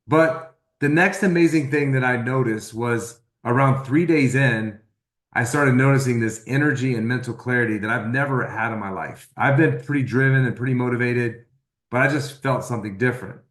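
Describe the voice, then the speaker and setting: A man telling a personal testimonial story, acting out the dialogue he quotes in an animated way. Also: mid-range voice, reverberant. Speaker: testimonial speaker.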